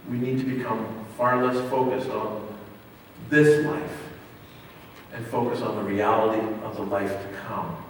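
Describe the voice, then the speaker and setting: A male pastor preaches in a church hall, swinging from loud emphatic peaks to near-hushed lines. His voice sits on the low side, steady and a little slow. With the mic far away, it rings through a long, roomy reverb over a faint ambient hum.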